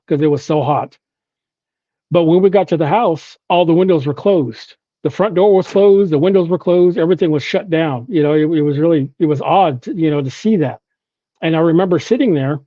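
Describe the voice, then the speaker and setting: A man's voice: a little high, no room sound, phone-quality sound. A man from Oklahoma, a podcast guest, telling a personal story with frequent "you know" and restarts.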